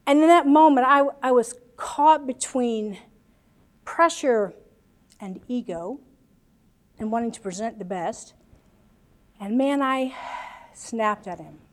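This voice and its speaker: A woman's voice: on the high side, slow, long pauses. An American woman preaching a sermon to a congregation, earnest and emotional, with chatty asides. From United States.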